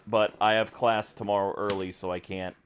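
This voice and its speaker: A man's voice: fairly low pitch, flat delivery, moderate pace, slight background noise. A young American man streaming a game, chatting casually and rambling with lots of fillers and restarts. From United States. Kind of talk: casual gameplay chat.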